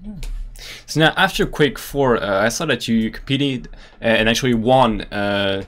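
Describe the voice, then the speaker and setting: A man hosting an interview, asking long questions with pauses and restarts. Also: medium pitch, fairly bright tone. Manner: hesitant, many fillers and restarts. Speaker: interviewer, host.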